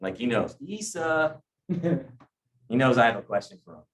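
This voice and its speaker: This middle-aged man's sales training talk comes in an expressive, medium-pitched voice, slightly fast. He addresses the group casually, often pausing to check in and ask them questions.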